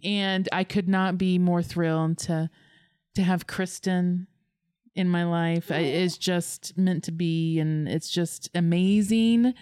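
Gushing grandmother-to-be, low voice. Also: fairly even intonation, slow, dark tone, smooth, dry recording, clean studio sound. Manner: gushing and emotional. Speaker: podcast guest, grandmother-to-be. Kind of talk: casual chat.

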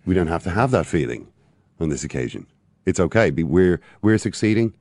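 Very deep-voiced Irish football pundit. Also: male voice, very animated, brisk, darkish tone, no echo. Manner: hesitant, full of "uh" and "um", dry wit. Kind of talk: casual football chat.

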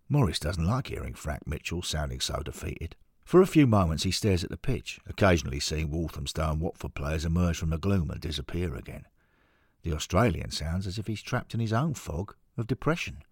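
Deep husky guy narrating a story, dry close mic. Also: animated, fairly quick, dry recording. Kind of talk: scripted narration.

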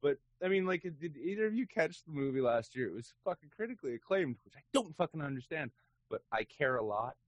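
A man co-hosting a podcast in casual chat, ranting with animated, profane bursts that sometimes break into shouting. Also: fairly high pitch, quick pace, dry recording, muffled recording. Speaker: podcast co-host.

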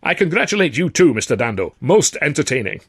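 Casting: narrator playing a big confident club president holding court, a touch raised, dry close read. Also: male voice, fairly high pitch, big pitch swings, fairly quick, a bit bright, husky, dry recording, voice pushed up, full character voice. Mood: assured. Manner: assured, gracious, holding court. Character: burly older male theatre club president, commanding. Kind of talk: audiobook character voice.

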